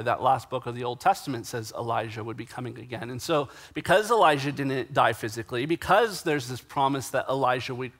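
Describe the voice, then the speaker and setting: A man preaching a sermon in a conversational way, slowing down for emphasis and acting out the quoted dialogue. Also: medium pitch, fairly bright tone. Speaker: pastor.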